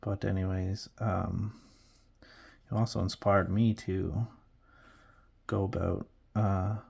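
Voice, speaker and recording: A man with a low, warm voice rambles casually while he paints at his hobby desk. He is playful and chatty, often trailing off mid-thought before circling back. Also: flat delivery, slow, gravelly, husky. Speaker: hobby miniature painter, channel host.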